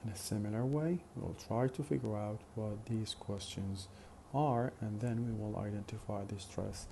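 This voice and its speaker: A man's voice: fairly low pitch, normal speed, gravelly, mellow, slight background noise. A man teaching a phonetics lesson in a methodical way, with many fillers and repeated examples. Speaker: phonetics lecturer. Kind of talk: recorded lecture.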